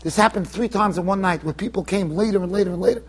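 A rabbi with a strikingly high, husky voice spins a tale for his students. He talks in an animated, conversational way, stopping now and then to check that his listeners are following. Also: fast talker. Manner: animated storyteller, chatty asides to students. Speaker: rabbi giving a Torah class. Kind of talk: storytelling lecture. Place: yeshiva study hall.

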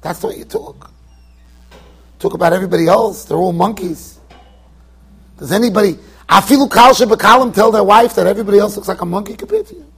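A man's voice: sits high, fast, long pauses, fairly bright tone, breathy edge. A man teaching a Torah class as a rabbi in a yeshiva, talking emphatically, firing rhetorical questions and repeating himself as he drives a point home. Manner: emphatic, asks rhetorical questions, repeats phrases, stumbles on restarts. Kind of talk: lecture-style Torah class. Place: yeshiva study hall.

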